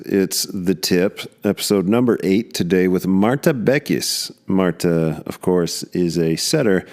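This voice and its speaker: A man with a notably deep voice hosts a casual podcast. He talks loosely and rambles, jokes easily and slips in slang as he goes. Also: darkish tone. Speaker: podcast host.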